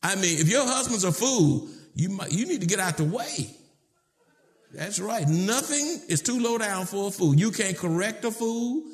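A man preaching a sermon, moving from low, measured points to shouted, emphatic questions, with casual phrasing like "y'all". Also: lively intonation. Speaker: pastor.

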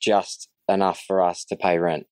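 A man earnestly telling his faith story in a casual interview, reflective and quick to laugh. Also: low-pitched, little pitch movement, a little mellow, smooth, dry recording. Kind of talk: casual testimony in conversation.

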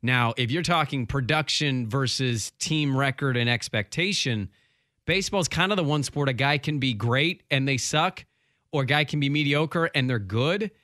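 A man's voice: medium pitch, normal speed, bright, forceful tone, dry recording, studio quality. A man co-hosting a casual sports talk show, arguing his opinions. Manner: argumentative, opinionated. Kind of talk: casual sports radio chat.

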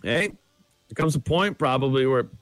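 A man co-hosting a radio show, trading quick quips in casual banter. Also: medium pitch, expressive, dry recording. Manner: quick quips and short agreeing replies. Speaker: radio co-host.

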